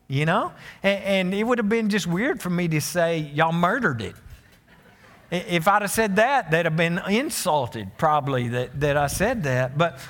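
A man's voice: a little high, fairly bright tone, in a large hall. A man preaching a sermon as pastor, telling stories in a folksy way with many restarts and asides to the congregation. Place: church sanctuary.

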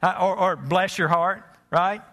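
A man's voice: sits high, unhurried, pushed and bright, big-room sound. A man with a Southern US accent preaching a sermon as pastor, folksy and joking, often restarting his sentences. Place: church sanctuary.

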